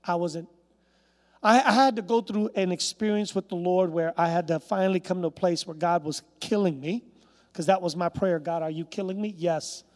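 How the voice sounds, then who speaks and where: A man pastor preaching a sermon, telling a personal story and then rising into a loud, impassioned prayer. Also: sits high, moderate pace. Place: church service.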